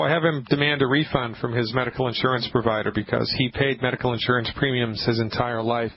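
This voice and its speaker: A man hosting a call-in radio program in an emphatic, repetitive ranting style. His voice sits at an ordinary middle pitch for a man. It comes through with the slightly dull, narrowed sound of a radio broadcast. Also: slightly rough. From Nantucket, USA. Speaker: radio talk show host.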